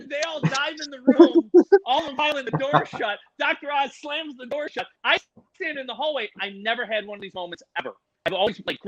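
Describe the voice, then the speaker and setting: Excitable high-voiced man telling stories. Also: no echo, low-quality recording. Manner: swears freely, excitable. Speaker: podcast guest, animal handler. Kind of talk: animated storytelling.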